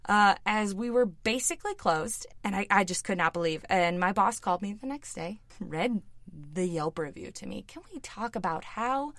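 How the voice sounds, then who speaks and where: Brief: female bartender guest, lively swooping pitch, laughing storyteller, dry close mic. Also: normal speed, dry recording. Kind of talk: casual podcast interview.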